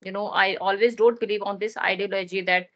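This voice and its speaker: A woman's voice: mid-range voice, brisk, muffled recording. Indian-accented woman asking practice questions. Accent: Indian English. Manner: steady, asks questions and gives opinions. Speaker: conversation partner. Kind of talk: conversation practice.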